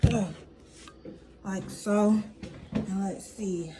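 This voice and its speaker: A woman's voice: medium pitch, fairly even intonation, drawn-out words, background noise. A woman records a casual gardening vlog on her phone at home. She chats loosely as she works, trailing off into fillers and restarting her sentences, in a plain everyday voice. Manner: chatty, thinks aloud with many fillers and restarts. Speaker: gardening vlogger. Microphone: phone camera.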